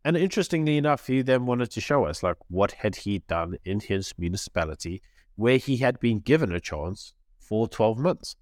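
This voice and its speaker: A man co-hosting a podcast, his voice sitting a little low. He talks in an opinionated, casual way, sometimes slipping into other people's voices to make a point. The sound is dry and close, with no room around it. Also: lively intonation, moderate pace, no room sound. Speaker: podcast co-host.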